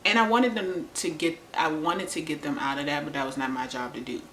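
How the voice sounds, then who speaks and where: A woman with a somewhat low voice talks straight to camera in a candid vlog. She is blunt, swears freely and laughs between points. The room rings with echo, and faint noise sits behind her. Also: fairly even intonation, fairly quick, a bit bright. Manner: blunt and profane, laughs often. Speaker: vlogger. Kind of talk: candid relationship talk to camera. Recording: roomy echo.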